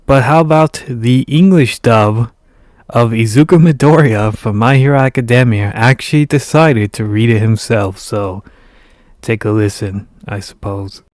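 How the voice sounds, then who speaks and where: A man with a raspy voice hosting a casual online commentary, with wry joking asides. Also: medium pitch, measured pace, a little mellow, no room sound, clean studio sound. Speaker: commentary video host.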